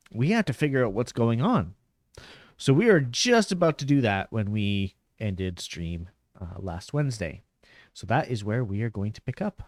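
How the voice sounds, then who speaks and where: Recapping his game in casual commentary, a streamer rambles and laughs often into his headset mic. His mid-range voice is a little mellow, and the recording is dry and studio quality.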